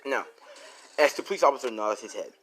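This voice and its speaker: A man's voice: mid-range voice, animated, brisk, fairly bright tone. A man improvising a fan fiction story, rambling with restarts and casual swearing.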